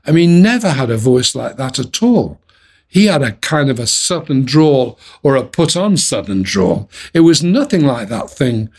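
A man's voice: a little high, darkish tone. An older man, a former music manager, telling chatty anecdotes in an interview, with frequent restarts. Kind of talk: storytelling in an interview.

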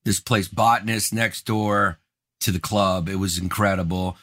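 A man's voice: low voice, steady tone, unhurried, bright, forceful tone. A man co-hosting a podcast in casual chat, joking and teasing his co-host. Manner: joking, puts on silly voices and teasing bits.

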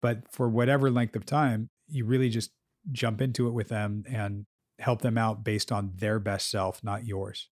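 A man's voice: fairly low pitch, little pitch movement, normal speed, a little mellow, no echo. Candid swearing male therapist, dry sound. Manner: candid, swears freely, acts out client quotes. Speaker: therapist and podcast co-host. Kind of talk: casual podcast chat.

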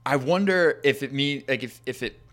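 A man's voice: medium pitch, moderate pace, a bit bright. A man hosting a casual podcast chat, rambling with many fillers while asking his guest questions. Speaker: podcast host. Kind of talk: casual conversational interview.

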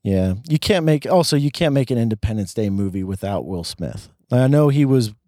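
A man in casual conversation reviewing a film, relaxed and opinionated, with lots of fillers. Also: medium pitch, moderate pace, no room sound, clean studio sound. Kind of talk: casual movie review chat.

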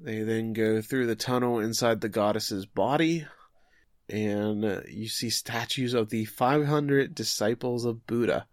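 In a studio-quality recording free of room sound, a lowish-voiced man speaks unhurriedly. He's a podcast co-host recapping an anime episode, playful and chatty, his thoughts spilling out with frequent fillers.

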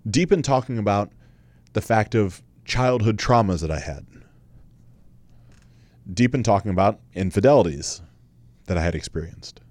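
On his podcast, a man in his thirties with a fairly low, darkish voice tells a personal story candidly and earnestly, repeating phrases for emphasis and swearing casually. His intonation is lively and his speed normal, with long pauses. The sound is dry and close, with no echo or room around it.

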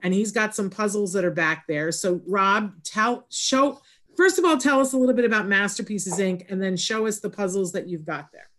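A woman's voice: medium pitch, normal speed, fairly bright tone. A woman hosting a casual interview, telling a personal story with a reflective, storytelling manner before introducing her guest. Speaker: host.

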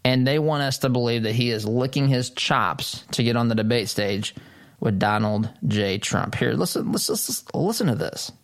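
A man's voice: medium pitch, expressive, moderate pace. A man hosting a political commentary show, talking emphatically and incredulously, repeating phrases for stress. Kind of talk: opinion commentary monologue.

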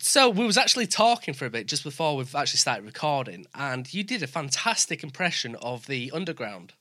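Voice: medium pitch, very animated, fairly quick, bright, forceful tone, no room sound, studio quality. A podcast host with a Northern English accent chatting casually, eager and often stumbling over restarts. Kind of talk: casual interview chat.

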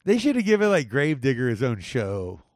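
A man's voice: mid-range voice, huge pitch swings, fairly quick, darkish tone, no room sound, studio quality. Profane, joking young man hosting a podcast. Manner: profane, jokey, rambling. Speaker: podcast host. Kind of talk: casual chat.

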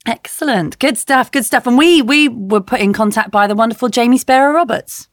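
A woman's voice: on the high side, a little fast, no echo, studio quality. A woman hosting an interview podcast, greeting her guest with enthusiastic, effusive praise. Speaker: podcast host.

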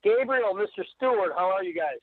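A man from Wisconsin with a Midwestern accent, calling in to a radio show and rambling excitedly with many restarts. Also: high-pitched, brisk. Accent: Midwestern American. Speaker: caller. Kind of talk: casual call-in chat. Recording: tinny phone line.

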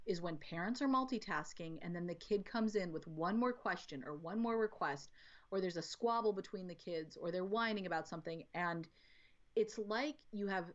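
A woman guest talking about parenting in a casual podcast chat, explaining in an animated way and acting out little quotes. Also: fairly low pitch, moderate pace. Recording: dull lo-fi audio.

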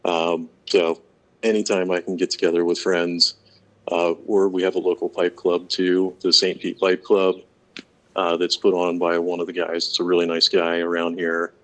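A man from Florida answering interview questions in a relaxed, hesitant way with lots of ums. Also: low voice, normal speed. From Florida, USA. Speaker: interview guest, pipe maker.

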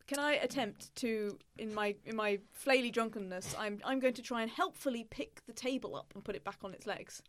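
A woman player in a tabletop game who rattles off her actions quickly. She sounds eager and laughs easily, in a slightly high voice. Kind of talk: tabletop role-play banter.

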